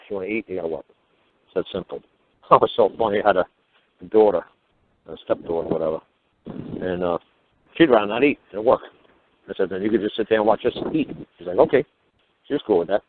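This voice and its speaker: A blunt man telling a profane story, swearing heavily and acting out both sides of an argument, heard over a phone-like line. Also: deep voice. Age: older. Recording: tinny phone-line audio.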